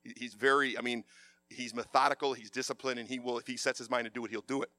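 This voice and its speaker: A man preaching a sermon, passionate and animated, with a loud voice. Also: mid-range voice, quick pace, no room sound, studio quality.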